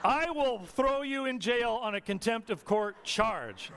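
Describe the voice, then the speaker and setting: A man doing a stern hushed judge. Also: very high voice, expressive, a little slow, creaky, slight background noise, pitched above the performer's own voice, full character voice. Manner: quiet, threatening. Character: stern older male judge. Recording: reverberant hall.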